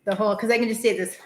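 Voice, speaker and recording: A woman hosting a live tarot reading stream, talking casually and rambling with lots of fillers. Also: medium pitch. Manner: chatty, rambling, many fillers. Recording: echoey room.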